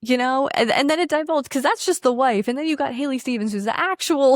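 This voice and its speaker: A woman's voice: sits high, quick pace, hardly any pauses, no echo, clean studio sound. A woman co-hosting a podcast in casual political chat, emphatic and profane, laughing often. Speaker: podcast co-host.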